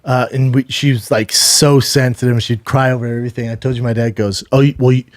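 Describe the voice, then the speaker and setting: A man co-hosting a podcast, telling a story in a relaxed, casual way, laughing, swearing and mimicking other people. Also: mid-range voice, quick pace, no room sound, studio quality. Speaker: podcast co-host.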